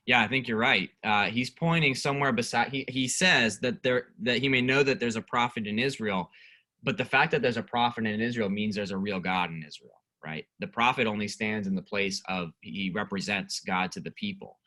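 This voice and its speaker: Youth pastor, male, lower voice with a bright edge; relaxed, chatty teaching that reads passages aloud. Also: moderate pace. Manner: conversational, reads scripture aloud, asks the group questions. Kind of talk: casual Bible study teaching.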